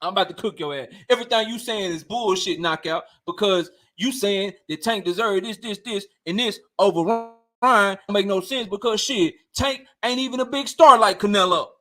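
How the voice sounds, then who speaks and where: A man's voice: sits high, normal speed, fairly bright tone, soft background music. A young man hosting a casual livestream debate, talking heated and slangy, repeating himself and often laughing. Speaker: host.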